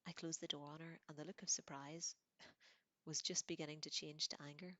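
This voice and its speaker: A woman reading a novel aloud in a soft voice that often drops to a whisper, with casual asides. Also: sits low, fairly even intonation, brisk, no echo. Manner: casual asides between passages. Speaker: audiobook reader.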